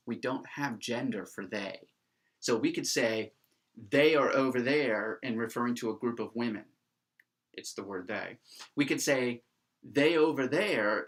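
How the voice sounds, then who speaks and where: A man lecturing on Greek grammar, animated and emphatic, with many fillers. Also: medium pitch. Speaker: Greek teacher. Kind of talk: classroom lecture.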